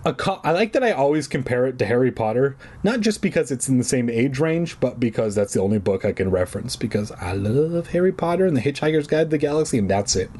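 A man reads a children's book aloud, mixing in irreverent, crude comments between passages. His voice has a husky, breathy texture. His pitch rises and falls expressively as he reads. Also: expressive, fast, hardly any pauses, a little mellow. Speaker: reader.

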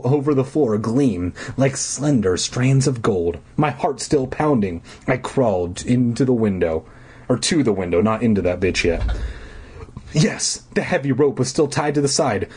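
A man's voice: medium pitch, darkish tone, husky. A man reading a horror book aloud for laughs, breaking off into snarky, profane asides. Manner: snarky asides, swearing, mock drama. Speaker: comedic reader.

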